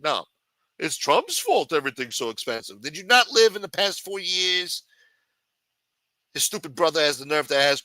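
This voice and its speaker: A man's voice: a little high, big pitch swings, moderate pace, bright, forceful tone, no echo. A man ranting angrily and profanely as a podcast host. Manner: angry, profane, combative. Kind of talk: profane political rant.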